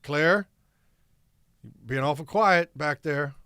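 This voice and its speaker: A man hosting a podcast in casual chat, playful and acting out little bits with loud exclamations. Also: on the high side, slow pace, smooth, no echo. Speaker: podcast host.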